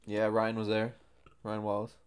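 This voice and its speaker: A man's voice: lowish voice, monotone, moderate pace, smooth. Laid-back young man, dry remarks. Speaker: podcast co-host. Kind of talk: casual chat.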